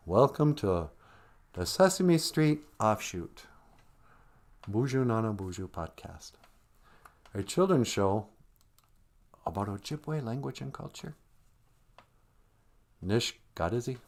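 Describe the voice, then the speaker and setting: A man's voice: mid-range voice, sing-song, slow, pauses often, a little mellow. A man hosting a livestream, joking and teasing in an ironic, chuckling way. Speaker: host of a language livestream.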